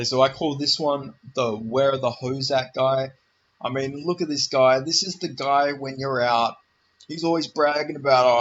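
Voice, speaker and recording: A man's voice: medium pitch, sharp tone. A young man giving casual, profane, joking commentary in a rambling way, on a slightly dull recording with faint hiss. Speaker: video commentator.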